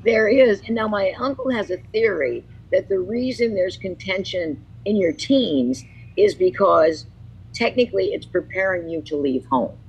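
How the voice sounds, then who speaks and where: A woman's voice: mid-range voice, animated, moderate pace, gravelly, a little mellow, breathy edge, dull audio. A woman co-hosting a casual chat, agreeable and chatty. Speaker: co-host.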